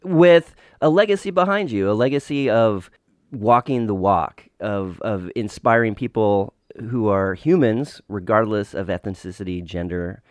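A middle-aged man hosting an interview, asking measured, thoughtful questions and reflecting. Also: on the low side, expressive, dry recording, clean studio sound. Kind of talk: casual interview conversation.

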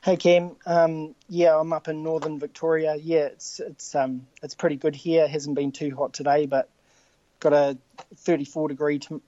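A man with a New Zealand accent answers interview questions in a modest, slightly nervous way. His voice is mellow and dark. The remote audio sounds dull and lo-fi. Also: on the high side, flat delivery, normal speed, dry recording. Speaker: podcast guest. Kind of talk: casual interview.

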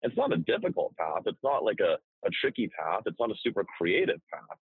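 男性 電話のような音質の、かすれた低めの声. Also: male voice, on the low side, brisk, breathy edge, dry recording, phone-quality sound. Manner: blunt, profane, animated storytelling. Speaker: business coach. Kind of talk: casual podcast chat.

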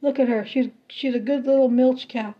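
A woman's voice: high voice, fairly even intonation, normal speed, natural voice. A woman reading the lines of a cheerful, easygoing pioneer father in a storybook, on a slightly muffled recording. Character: kind, hearty pioneer father.

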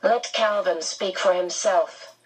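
A sinister man speaks in a hushed, low voice, gentle and coaxing with coldness beneath, as a woman reader puts him on. The tone is slightly breathy, and the voice sits a little back from the mic. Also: takes it slowly, distant mic, low-quality recording. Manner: gentle, soothing, quietly menacing.

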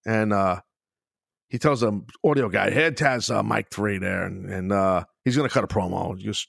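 A middle-aged man hosting a podcast, telling wrestling stories in a loose, profane, animated way, laughing often. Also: lowish voice, moderate pace, creaky, no echo, clean studio sound. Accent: New York. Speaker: podcast host, former wrestler. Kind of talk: casual storytelling chat.

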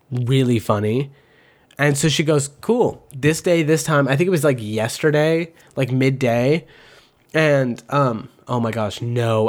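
A man talks off the cuff as host of a casual show. He rambles, fills gaps with "like" and "um", and swears often. He jumps between asides and now and then puts on other people's voices. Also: medium pitch. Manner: rambling and animated, heavy swearing, many fillers. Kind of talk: casual commentary.

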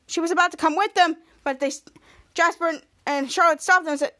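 A woman podcast host recapping a TV episode scene by scene in a choppy, stop-start way, jumping louder and higher to act out the characters' lines. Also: fast.

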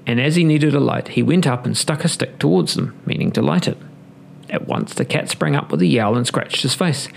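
A man with a gravelly voice reading a fairy tale aloud in an expressive storybook style. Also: medium pitch, slight background noise.

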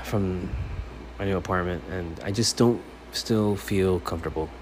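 A man from Miami holds forth alone on his sports podcast, his voice sitting on the low side. He curses freely, drifting from subdued, almost muttered stretches into loud, fired-up ranting. A faint hiss of room noise hangs under the recording from his apartment. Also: unhurried. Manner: profane, animated, swings between subdued mumbling and loud ranting. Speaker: podcast host. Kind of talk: casual solo sports podcast rant.

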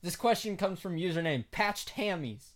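Playful young man, higher voice. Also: animated, normal speed. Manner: playful, laughs often, jokey. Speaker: podcast co-host. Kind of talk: casual podcast chat.

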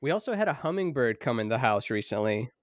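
A man guesting on a podcast, telling a story in an animated, jokey way. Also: mid-range voice, fast, a little hiss or hum. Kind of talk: casual storytelling conversation. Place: lives in Los Angeles.

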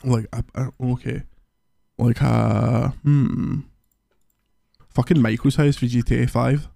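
A man's voice: medium pitch, level tone, slow pace, creaky, dark tone, dry recording, clean studio sound. A man co-hosting a games podcast, blunt and mocking, swearing constantly. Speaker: podcast co-host. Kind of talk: casual chat.

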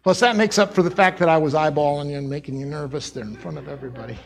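A man with a Midwest accent preaching a sermon in a church, telling the story with lively acted-out voices and accents. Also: a little high, racing, vocal fry. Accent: American Midwest. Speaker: pastor. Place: church sanctuary.

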